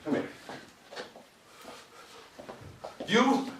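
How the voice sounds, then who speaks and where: An actor playing a proud Civil War captain in a theatrical stage monologue, telling war stories and breaking into shouted quotes. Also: male voice, moderate pace, heavy background noise, lightly acted. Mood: proud, wistful. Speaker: actor in a one-man stage play. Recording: roomy, distant stage recording.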